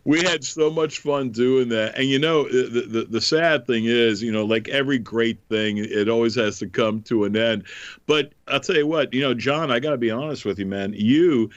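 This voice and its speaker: A man's voice: medium pitch, normal speed, no echo, dull audio. A man hosting a podcast, telling old radio stories with enthusiasm and frequent laughter. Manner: enthusiastic storyteller, laughs often. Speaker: podcast host. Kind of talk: casual chat.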